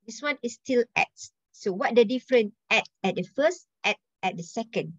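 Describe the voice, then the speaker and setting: A woman's voice: on the high side, animated, normal speed, husky, no room sound. A woman teacher with a Malaysian accent quizzing her students, slipping Malay words and "lah" into her English. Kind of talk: online language lesson. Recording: dull lo-fi dry voice.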